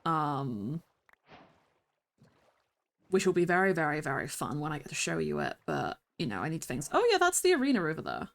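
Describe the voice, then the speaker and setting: A woman streamer rambling through casual gameplay commentary, talking to herself with bursts of excited exclamations. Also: sits low, normal speed, creaky, pauses often. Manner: chatty, rambling self-talk with excited exclamations. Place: home streaming setup.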